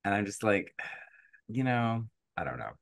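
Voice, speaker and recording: A man with a very low voice co-hosts a podcast in easygoing chat. He rambles, restarting thoughts and filling gaps with "like" and "uh." The sound is dry and close. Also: sing-song, a little slow, no room sound. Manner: rambling, many fillers and restarts. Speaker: podcast co-host. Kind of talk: casual chat.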